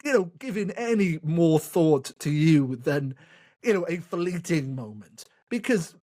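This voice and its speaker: A man's voice: on the high side, lively intonation, measured pace, dark tone. A man hosting an interview, chatting casually and rambling through an anecdote with many fillers. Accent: non-American. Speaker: podcast host.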